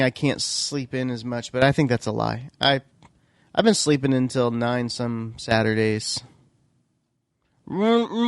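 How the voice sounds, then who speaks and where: A man co-hosting a podcast in casual chat, an animated, self-mocking storyteller who laughs often. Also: medium pitch, dry recording, studio quality. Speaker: podcast co-host.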